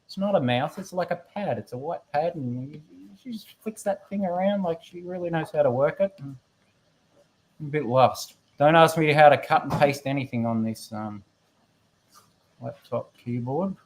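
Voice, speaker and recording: A man's voice: fairly high pitch, moderate pace, a little hiss or hum. Rambling man reading chat. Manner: rambling, self-deprecating, reads chat aloud. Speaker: guest co-host of a live stream. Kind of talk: casual live-stream chat. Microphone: computer microphone.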